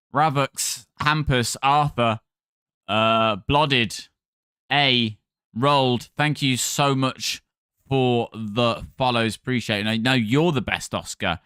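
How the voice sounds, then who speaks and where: Male streamer, casual live chat, smooth clear voice, dry close sound, playful, reads out viewer names. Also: mid-range voice, slow pace, fairly bright tone, no echo. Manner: chatty, thanks viewers by name, playful.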